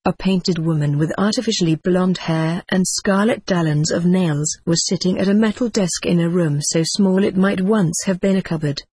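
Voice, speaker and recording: A woman narrating a first-person story in a measured, even way. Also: lowish voice, slightly rough, dry recording. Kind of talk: audiobook narration.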